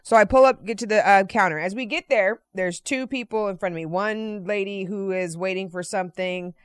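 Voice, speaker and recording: A woman vlogger telling a casual anecdote in an animated, chatty way, often checking in with "right?" and "you know.". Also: medium pitch, fairly quick, clean tone, no echo. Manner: playfully profane.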